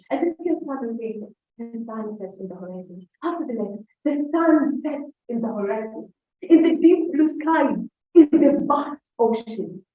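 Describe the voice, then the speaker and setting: A woman's voice: fairly high pitch, slight background noise. A young woman with a Kenyan English accent gives an oratorical prepared speech as a debate speaker, repeatedly addressing her audience. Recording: distant dull mic in very echoey hall.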